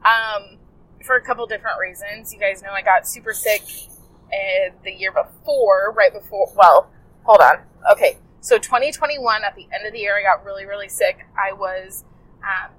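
A woman's voice: mid-range voice, moderate pace, a bit bright, a little hiss or hum, low-quality recording. A woman coach telling a client story to her listeners in a casual, rambling, heartfelt way, often correcting herself mid-sentence. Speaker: health coach podcaster.

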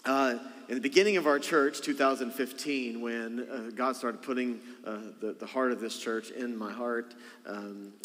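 A man's voice: medium pitch, a bit bright, in a large hall. A man, a senior pastor preaching a conversational sermon and joking with the congregation. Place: church sanctuary.

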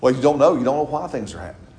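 A man's voice: mid-range voice, animated, very fast, a little mellow. A middle-aged man, a pastor teaching a Bible study in a chatty, laughing way, often asking "right?" of his listeners. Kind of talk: informal teaching with congregation replies. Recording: roomy echo, faint background noise.

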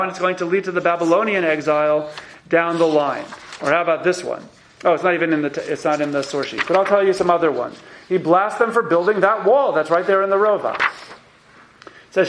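A man teaching a text-study class, emphatic and animated as he reads passages aloud and explains them. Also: on the high side, brisk, echoey room, a little hiss or hum, low-quality recording.

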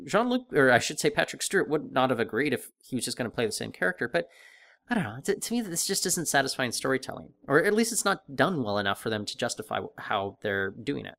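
A man's voice: mid-range voice, very animated, fast talker, creaky, fairly bright tone. A man co-hosting a casual podcast discussion, talking with many fillers and restarts. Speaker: podcast co-host.

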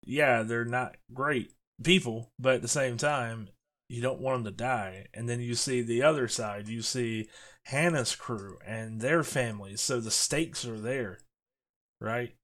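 A man's voice: medium pitch, a little slow, fairly bright tone. Podcast co-host, man, thoughtful, leads discussion. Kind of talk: casual movie discussion.

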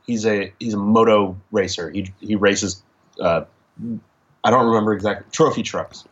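A man co-hosting a podcast in casual chat, relaxed and brief. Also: lowish voice, moderate pace, dull audio. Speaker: podcast co-host.

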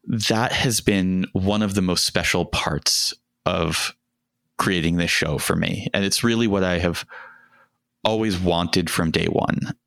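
Deep-voiced male podcast host. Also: slow, gravelly, fairly bright tone, no echo. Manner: reflective and sincere. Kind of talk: casual podcast conversation.

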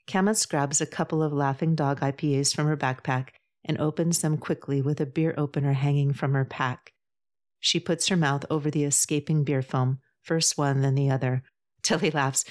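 A woman author and podcast host narrating her storybook in a calm, measured reading. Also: low voice.

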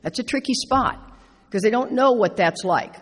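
A middle-aged woman speaking at a recovery meeting, telling stories with playful, animated asides. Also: fairly high pitch, normal speed, breathy edge. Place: large meeting hall. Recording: echoey hall with long reverb.

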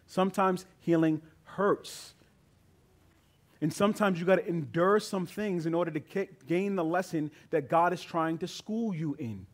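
A male pastor preaching a sermon with emphatic delivery that builds to loud, high peaks. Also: a little slow.

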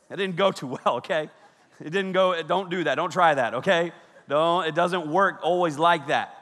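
A man's voice: a little high, normal speed. A male pastor preaching with humor, joking with the crowd and acting out bits of dialogue. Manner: joking, animated, acts out dialogue. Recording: long reverb of a large hall.

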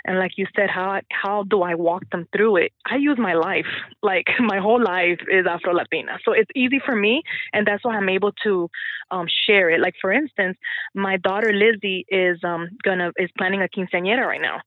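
A woman's voice: mid-range voice, normal speed, no room sound. A woman from the Dominican Republic, a teacher, talking in an interview over the phone, chatty and laughing often. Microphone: telephone. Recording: tinny phone line.

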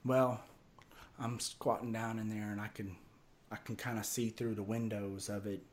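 A man's voice: moderate pace, a little hiss or hum. A man telling a wild story in casual talk, rambling and profane with lots of fillers and restarts. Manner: drops low and quiet for tense parts, gets loud and high for excited quotes. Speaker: storyteller guest.

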